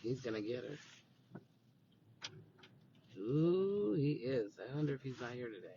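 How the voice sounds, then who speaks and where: A man's voice: mid-range voice, a little slow, vocal fry. A man chatting on a livestream from a car, animatedly acting out the people in his stories. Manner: animated, acts out quoted dialogue. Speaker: livestream host and school staff member. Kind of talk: casual livestream chat and storytelling. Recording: slightly muffled phone audio, faint noise.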